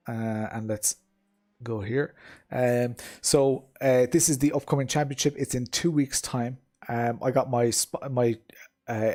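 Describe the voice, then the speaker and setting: A man's voice: mid-range voice, darkish tone. A man chatting casually on a sim racing livestream, rambling with lots of ums and uhs. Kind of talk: casual livestream chat while gaming.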